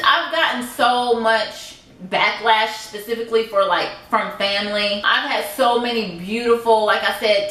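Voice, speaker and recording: A woman's voice: on the high side, pushed and bright. A woman vlogging about her own life, speaking indignantly and emphatically and repeating phrases for force. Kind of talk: emotional personal vlog. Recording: echoey room.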